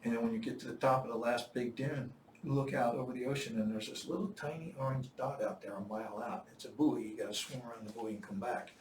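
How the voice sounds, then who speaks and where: An older man tells a long story in a casual, lively way, now and then acting out the voices he quotes with loud bursts. He sounds set back from the mic in an echoey room, with a faint noise underneath. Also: medium pitch, fast talker, hardly any pauses, recorded from a distance. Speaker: Marine veteran storyteller.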